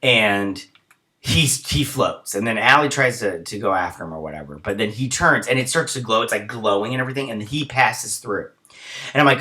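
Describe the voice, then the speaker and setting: A man's voice: on the low side, animated, sharp tone. A man hosting a casual TV episode recap, rambling along and briefly acting out the characters. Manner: rambling, acts out characters in quick voices; chatty with lots of fillers like "he's like". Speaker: show host reviewing a TV episode.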